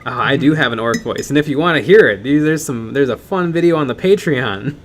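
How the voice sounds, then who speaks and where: A man's voice: medium pitch, lively intonation, a little fast, slight background noise. A man co-hosting a casual miniature-painting stream, joking and rambling as he reads chat comments. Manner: rambling, joking, with fillers and restarts.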